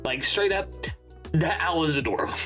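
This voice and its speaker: A man's voice: a little high, lively intonation, normal speed, a bit bright, soft background music. A young man hosting a casual manga reaction, talking in a chatty, rambling way and often correcting himself mid-sentence. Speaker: channel host.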